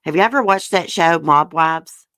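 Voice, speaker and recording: Speaking at normal speed in a low, slightly bright voice, a woman hosts a livestream. She reads the news and answers viewer comments, chatting in a frank, opinionated way. The recording has no room sound.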